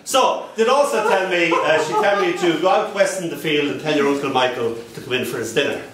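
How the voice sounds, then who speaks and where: A man with an Irish accent giving a live poetry reading, telling his poems and stories in a playful, lively way. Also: on the high side, brisk. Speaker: poet. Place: live reading at a cafe venue. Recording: echoey live venue, far from the mic.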